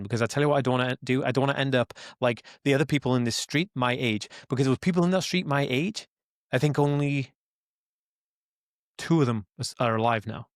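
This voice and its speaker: A Welsh man in his forties talks in a loose, rambling way, stacking up "like" and checking in with "right?" as he goes. He sounds earnest and emphatic, and his voice sits at a middling pitch for a man. The recording is dry, with almost no room sound. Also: fairly quick, no room sound. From Wales. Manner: rambling, lots of "like" and "right?", repeats words; earnest and emphatic, addresses listeners as guys. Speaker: interview guest, autism advocate. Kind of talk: casual storytelling in a conversation.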